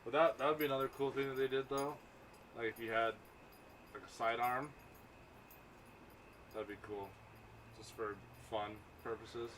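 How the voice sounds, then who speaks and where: A man's voice: mid-range voice, steady tone, normal speed, long pauses, fairly bright tone. A man chatting casually with friends on an outdoor patio, rambling and swearing often. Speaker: host. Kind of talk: casual chat. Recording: noisy outdoor ambience.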